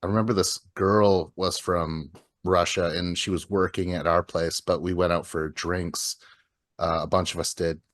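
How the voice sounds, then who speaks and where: A man with a very low voice co-hosts a podcast in loose, rambling chat. He swears freely and trips over fillers and restarts. His voice sounds dry and close. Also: little pitch movement, normal speed, a bit bright, no echo. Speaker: podcast co-host. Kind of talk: casual chat.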